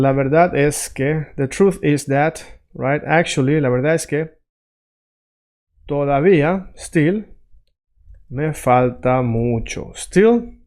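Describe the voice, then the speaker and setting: A man teaching Spanish in a casual freestyle lesson, checking in with his listeners often and repeating phrases slowly to drill them. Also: fairly high pitch, darkish tone. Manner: conversational, checks in often with "right?" and "all right?".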